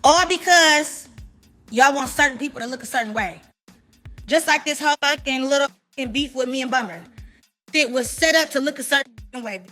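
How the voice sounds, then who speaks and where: A woman's voice: sits high, brisk, bright, forceful tone, soft background music. A woman in a heated, profane rant, cursing and lecturing in a casual way.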